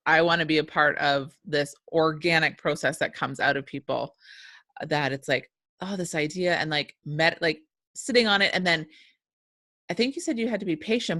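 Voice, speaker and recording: A woman's voice: deep voice, fairly bright tone, no echo, clean studio sound. A woman hosting a podcast, affirming her guest and musing thoughtfully with many fillers. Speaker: podcast host. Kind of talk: casual podcast conversation.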